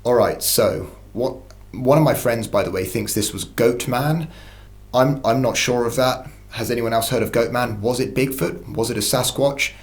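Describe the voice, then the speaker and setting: A man's voice: medium pitch, echoey room. Rambling man telling a scary story. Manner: rambling and hesitant, swears often, with restarts. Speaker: channel host telling an encounter story. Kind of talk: casual first-person storytelling.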